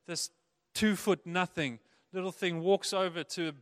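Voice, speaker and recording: A man preaching a sermon, animated, acting out the voices of the people in his stories. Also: sits high, normal speed. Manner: animated, acts out quoted voices. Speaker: pastor.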